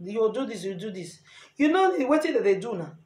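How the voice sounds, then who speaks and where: A middle-aged woman with a Nigerian Pidgin English accent, earnestly giving lively advice in a casual vlog. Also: fairly high pitch, a little fast. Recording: echoey room.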